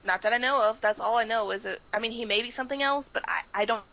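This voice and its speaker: Woman co-host, casual and blunt, fry-heavy voice sitting a bit high. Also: fast, background noise. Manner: blunt, exasperated, swears freely, laughs often. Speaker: podcast co-host. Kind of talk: casual chat.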